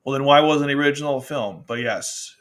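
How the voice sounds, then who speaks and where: Male reviewer, casual rambling chat, mid-pitched, restarts often, slips into character voices. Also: a little fast, a bit bright. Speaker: anime and manga reviewer.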